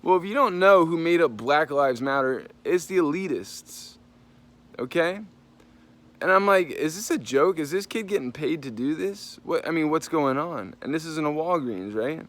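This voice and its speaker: A man's voice: fairly high pitch, lively intonation, moderate pace, a bit bright. A man telling a story in a casual, profane vlog rant. He talks with animation and often jumps into voices to quote people. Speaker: vlogger.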